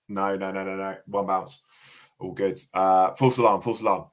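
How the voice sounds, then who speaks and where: A young man co-hosting a casual watch party, explaining the rules patiently and getting excited at big plays. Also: low voice, brisk. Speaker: cricket expert co-host.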